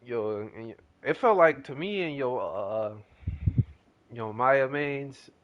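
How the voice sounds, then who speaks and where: A man's voice: mid-range voice, expressive, slow, no echo, dull audio. A young man chatting casually as a gaming streamer, telling a rambling story in slangy talk.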